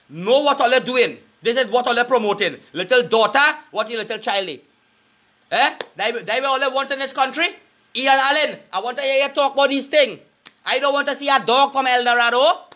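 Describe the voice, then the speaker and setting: Man, Trinidadian accent, high-pitched, bright voice, crude preachy rant, sing-song chanting. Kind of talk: profane rant to camera.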